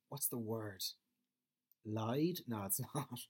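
A man's voice: on the low side, lively intonation, slow, mellow. A man delivering a profane, rambling comedic monologue as a podcast host.

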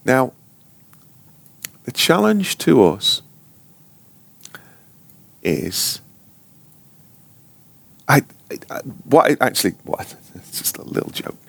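A man's voice: mid-range voice, wildly swooping pitch, slow pace, gravelly, long pauses, a bit bright, no room sound. A man teaching a Bible class informally, rambling and joking, often breaking off mid-sentence. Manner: rambling, self-interrupting, joking. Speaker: ministry school teacher.

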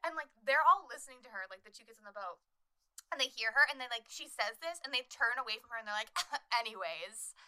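A woman co-hosting a podcast, recapping a horror movie in casual chat, swearing often and acting out scenes in quick voices. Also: high-pitched, animated, bright, forceful tone, clear, resonant tone. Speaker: podcast co-host.

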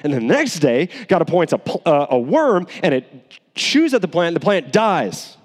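A man preaching a sermon in an animated, conversational way, with asides and restarts. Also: fairly high pitch, moderate pace, long reverb tail. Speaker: pastor.

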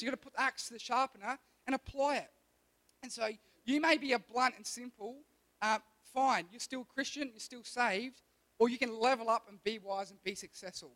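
High-voiced energetic man preaching. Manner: energetic, conversational, acts out quoted voices. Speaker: youth pastor. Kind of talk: sermon.

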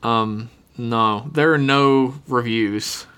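A man co-hosting a podcast in relaxed, casual chat, swearing freely. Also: mid-range voice, extremely slow, smooth. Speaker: podcast co-host.

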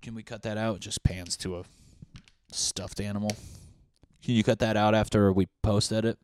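A young man casually riffing on a comic story, swearing freely and jumping into quick silly character voices. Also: on the low side, level tone, darkish tone, clean tone, no echo. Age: young adult.

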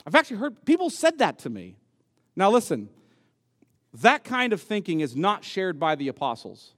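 A man's voice: high voice, huge pitch swings, normal speed. A man preaching a sermon as pastor, emphatic and repeating key words for stress. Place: church sanctuary. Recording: long reverb of a church hall.

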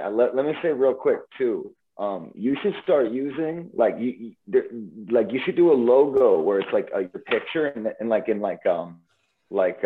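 A man co-hosting a podcast, talking in casual chat with halting restarts. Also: mid-range voice, phone-quality sound, slight background noise.

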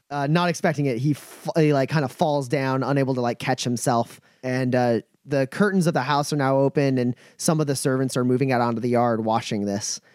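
A man's voice: medium pitch, brisk, darkish tone, no room sound, clean studio sound. Man narrating as game master. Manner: rambling, many fillers and restarts.

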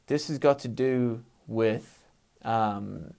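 A man's voice: medium pitch, slow, creaky, dark tone. Swearing man venting. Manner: heavy swearing, frank; worked-up, venting frustration. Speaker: podcast host. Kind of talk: casual solo monologue.

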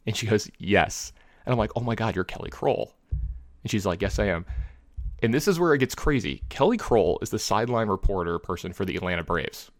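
Casting: man, lowish voice, quick rambly storyteller, dry close sound. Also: dry recording. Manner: rambling, heavy filler words, animated retelling. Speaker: podcast co-host telling a story. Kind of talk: casual chat, storytelling.

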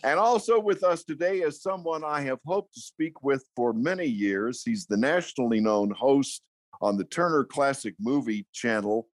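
A man's voice: medium pitch, normal speed, no echo. An older man hosting a podcast, introducing guests with anecdotes and chatting casually. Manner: warm anecdotal introductions, chuckles often. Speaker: podcast host. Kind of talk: casual interview chat.

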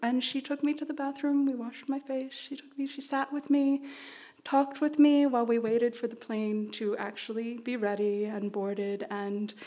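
A woman telling a personal story on stage at a live storytelling event, in an animated, anxious way with quick run-on phrases. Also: fairly high pitch. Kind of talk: live storytelling before an audience.

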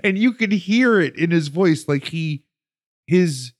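A man's voice: on the high side, expressive, slow pace. A man telling a story on a casual podcast, rambling with many fillers and restarts; an educator. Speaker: podcast co-host.

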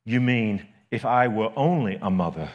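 A man voicing a gentle bright spirit, a brother who speaks in a calm, coaxing way. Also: fairly low pitch, moderate pace, voice pushed down, lightly acted. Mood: patient.

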